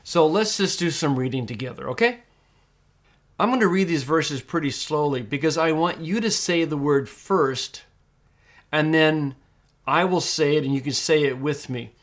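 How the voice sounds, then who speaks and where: A man teaching Greek pronunciation in a screencast tutorial, reading words aloud slowly and patiently, syllable by syllable. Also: on the high side.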